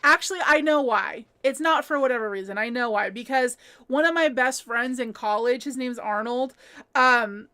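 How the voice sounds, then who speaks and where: A woman's voice: fairly high pitch, moderate pace, sharp tone. A young adult woman hosting a home crafting livestream, chatting casually as she reads viewer comments and laughing often. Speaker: crochet livestream host.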